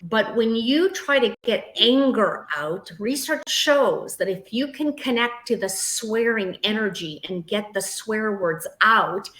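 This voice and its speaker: A woman guest mentor telling stories in an interview, acting out the quotes with lively pitch shifts. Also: echoey room, poor audio. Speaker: guest, emotional healing mentor. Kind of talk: storytelling in a podcast interview.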